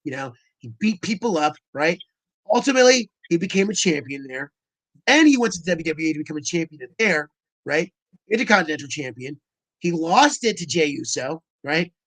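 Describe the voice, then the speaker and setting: A man in his thirties co-hosting a comedy chat show, rambling on in a flat, uninflected way. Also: fairly high pitch, normal speed, no echo, poor audio. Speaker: co-host.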